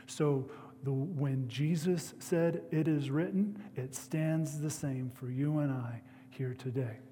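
Guy preaching in a church, dark mellow voice, big hall echo, faint hum behind. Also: fairly high pitch, takes it slowly. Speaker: pastor. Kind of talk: sermon.

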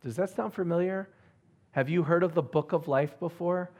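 A man's voice: a little high, moderate pace, darkish tone. A man preaching a sermon as pastor, emphatic and often asking the audience questions.

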